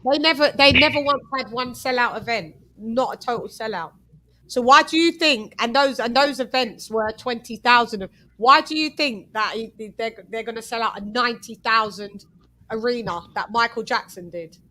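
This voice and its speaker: Woman, panel host, bright and pushy, cuts in and argues hard. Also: a little high, poor audio. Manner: talks over others, argues firmly, quick questions. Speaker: host of a boxing panel show. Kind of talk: casual panel chat.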